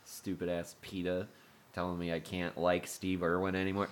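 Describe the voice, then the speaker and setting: A man co-hosting a podcast in casual chat, telling stories with lots of swearing and sudden bursts of excitement. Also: sits low, normal speed. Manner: excitable, profane storyteller. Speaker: podcast co-host.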